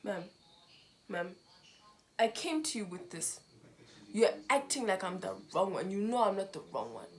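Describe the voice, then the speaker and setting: Young woman, from Zimbabwe, storytime vlogger, emotional, animated, quotes people as she talks. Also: mid-range voice, unhurried, pauses often. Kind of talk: storytime vlog.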